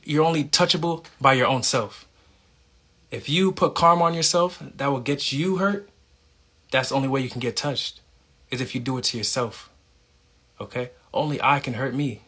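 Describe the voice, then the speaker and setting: Man, mid-pitched, talks like a street preacher, blunt and profane, keeps checking in with "okay?". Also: fairly bright tone, husky. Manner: emphatic, profane, repeats "okay?" for emphasis. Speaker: self-styled spiritual speaker. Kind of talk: casual preachy monologue.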